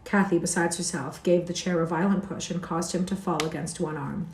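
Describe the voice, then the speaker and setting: A woman reading a classic novel aloud on a livestream, steady with occasional slips, in an echoey room. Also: lowish voice, fairly quick. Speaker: audiobook reader.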